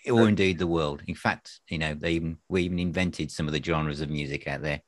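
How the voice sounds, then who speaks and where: A man hosting a podcast interview, asking questions haltingly and repeating words. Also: extremely low pitch, no room sound, clean studio sound. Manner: hesitant, repeating words as he asks. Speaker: podcast host.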